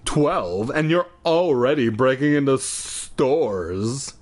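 A man voicing a stern, caped, vampire-like shopkeeper, speaking slowly and menacingly in a comedic read-aloud. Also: mid-range voice, lively intonation. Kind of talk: comedic read-aloud of a kids' horror book.

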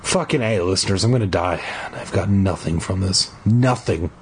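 A man's voice: low-pitched, moderate pace, darkish tone, husky. A man hosting a podcast who reads a book aloud and breaks off into profane, self-mocking rants. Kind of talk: comic reading with rants.

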